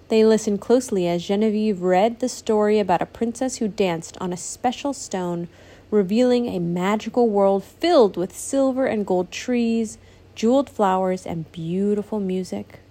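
A woman's voice: medium pitch, normal speed, mellow. A woman reading a storybook aloud to her child, patiently stopping to answer questions.

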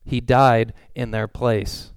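A pastor preaching a sermon in an earnest, pleading way, reading scripture aloud. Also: male voice, medium pitch, little pitch movement, takes it slowly, gravelly, clean tone, no room sound.

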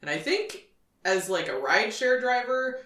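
A woman's voice: on the high side, very animated, normal speed, a bit bright, recorded from a distance. A woman co-hosting a podcast, giving her opinions in casual, chatty talk. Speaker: podcast co-host. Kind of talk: casual chat. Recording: echoey room, off-mic.

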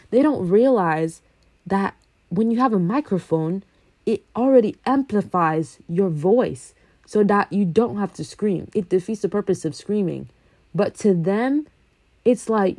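A young woman from a Congolese family, talking casually and animatedly, swinging from loud bursts to low asides. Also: moderate pace, no room sound. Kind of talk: casual monologue.

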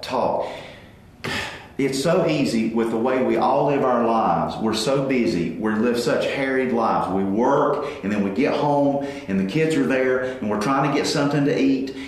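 A man in his forties giving a faith-based parenting talk, animated and acting out family dialogues. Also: medium pitch. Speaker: parenting speaker. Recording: very echoey room.

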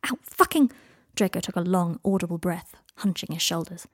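A woman narrating fan fiction as an audiobook, with measured, unhurried phrasing. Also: lowish voice, little pitch movement, darkish tone, no echo, studio quality.

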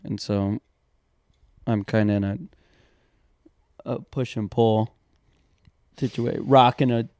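A man's voice: fairly low pitch, fairly even intonation, slow, long pauses, mellow, no room sound, clean studio sound. A young man co-hosting a podcast in casual chat, laughing easily and rambling with lots of fillers. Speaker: podcast co-host. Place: studio.

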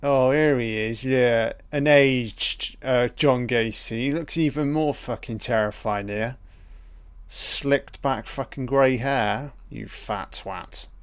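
A man's voice: mid-range voice, takes it slowly, smooth. A young man giving a casual, profane reaction commentary, talking back heatedly at the screen.

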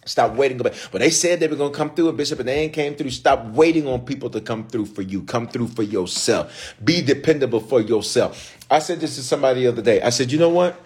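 A man's voice: mid-range voice, brisk. A man who is a bishop and pastor delivers a sermon in a conversational, slangy way, repeating lines and calling out to the congregation. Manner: repetitive, call-and-response preaching.

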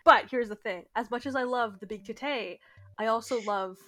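A woman's voice: a little high, fairly bright tone. Giggly bantering woman co-host. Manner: giggly, bantering, quick asides. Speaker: podcast co-host. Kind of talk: casual podcast chat.

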